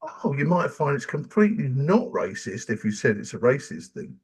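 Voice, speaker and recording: An older man from England, chatting casually as a podcast host and telling animated stories. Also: medium pitch, normal speed, breathy edge. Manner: animated storyteller, acts out quoted voices. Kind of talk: casual chat.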